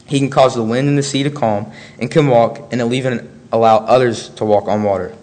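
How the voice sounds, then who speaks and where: A man's voice: medium pitch, fairly even intonation, a little fast, darkish tone. Earnest man preaching and reading scripture.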